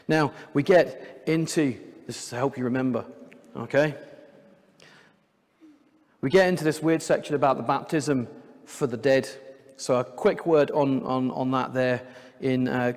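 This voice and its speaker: A man's voice: medium pitch, a little mellow. A man preaching a sermon during a church service, talking in a conversational way and adding light jokes. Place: church sanctuary. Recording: long church hall reverb.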